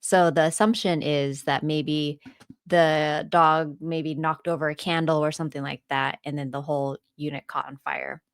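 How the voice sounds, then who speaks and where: A woman's voice: sits low, steady tone, moderate pace, clear, resonant tone, no room sound, clean studio sound. A woman co-hosting a podcast, telling a story in casual chat and laughing often as she retells it. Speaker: podcast co-host and landlord.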